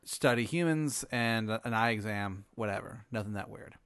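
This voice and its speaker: A brash, friendly male alien pitching a scheme in a loud, higher voice that jumps around, as a man puts him on. He sounds pushy and chummy in a dry, close recording. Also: normal speed, clean tone, no room sound.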